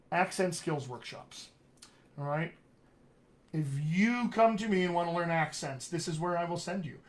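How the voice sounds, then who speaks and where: Upbeat American dialect coach, chatty. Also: male voice, a little high. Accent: General American. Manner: chatty, upbeat, promotional, repeats web addresses slowly. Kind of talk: live-streamed coaching talk.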